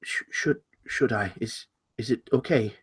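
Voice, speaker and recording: A man's voice: mid-range voice, lively intonation, fast, fairly bright tone, slightly rough. A man voicing a flustered, forgetful human host who stammers and apologizes. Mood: timid.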